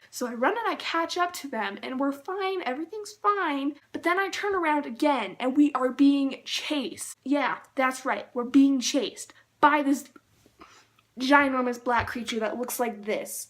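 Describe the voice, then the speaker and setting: Young female vlogger, slightly high voice, chatty and rambling storyteller, casual storytime delivery. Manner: rambling and excitable, with fillers.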